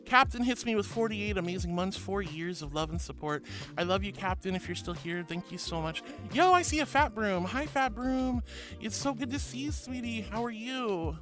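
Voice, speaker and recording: A man's voice: high-pitched, expressive, moderate pace. A man streaming and reading his chat aloud, affectionate and playful, calling viewers sweetie and honey and shrugging off compliments. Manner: playful, self-deprecating. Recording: loud music behind the voice.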